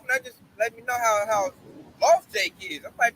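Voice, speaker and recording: A young man preaching outdoors, telling a blunt, profane, animated testimony story. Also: extremely high pitch, moderate pace, gravelly, poor audio.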